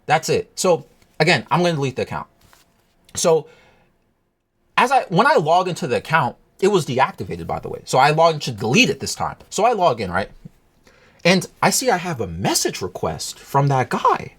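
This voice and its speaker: Husky vlogger ranting about a breakup, rambly and sweary, voice all over the place. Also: medium pitch, huge pitch swings, moderate pace, a bit bright. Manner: rambling, profane, keeps asking "you know what I'm saying". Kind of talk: storytime rant to camera.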